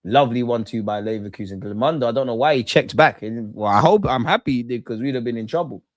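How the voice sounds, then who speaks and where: A man streams his reaction to a football match, talking straight to his chat and to the players, his voice jumping between calm and loud outbursts. The sound is dry and close, with no room echo. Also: mid-range voice, quick pace. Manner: excitable, swears, talks to chat and players. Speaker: football watchalong host.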